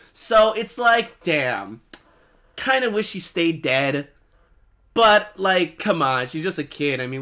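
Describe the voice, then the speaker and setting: A man hosting a reaction video, yelling and laughing at a cartoon, then talking it over more calmly. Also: on the high side. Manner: excitable, shouting and laughing, then calmer musing. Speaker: reaction channel host.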